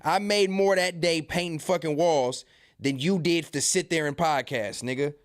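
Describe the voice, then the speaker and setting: A man's voice: fairly high pitch, moderate pace, no room sound, studio quality. Profane trash-talking male streamer. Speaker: live stream host reacting to clips. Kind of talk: casual live stream chat.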